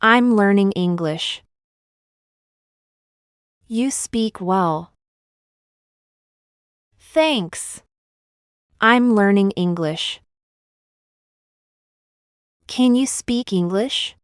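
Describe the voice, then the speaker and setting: A woman teaching everyday English phrases in a slow, deliberate, scripted lesson. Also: mid-range voice, dry recording, studio quality. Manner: slow, deliberate, clearly enunciated.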